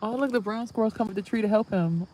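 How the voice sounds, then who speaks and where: A young woman rambling casually in a spiritual vlog outdoors, animated and swearing, exclaiming at things she sees. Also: medium pitch, fast. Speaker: spiritual vlogger and reader. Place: outdoors near trees.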